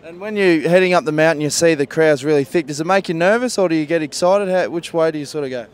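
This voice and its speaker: Matey Australian man, clear voice. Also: on the high side, fast. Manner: matey and jokey, Aussie slang. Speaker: roadside interviewer. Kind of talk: casual sports interview. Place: outdoors at a bike race.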